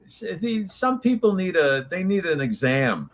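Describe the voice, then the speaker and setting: Animated, high-pitched ranting man. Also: moderate pace. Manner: animated, ranting, breaks into mocking voices. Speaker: co-host. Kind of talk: casual political chat show banter.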